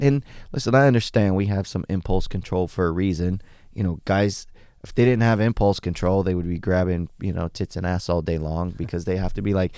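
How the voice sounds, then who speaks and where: A man speaking candidly as a podcast guest, blunt and animated, swearing freely while recounting his experiences. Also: sits low, fairly quick, clean tone, no room sound, studio quality. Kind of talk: candid conversational storytelling.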